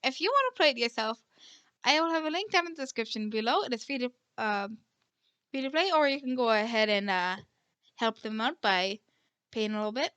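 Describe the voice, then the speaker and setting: A woman's voice: a little high, lively intonation, brisk, fairly bright tone, clean tone, dry recording. Rambling, giggly woman gamer. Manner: rambling, giggly, emotional reactions. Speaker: gaming video creator. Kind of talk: reading a visual novel aloud and commenting.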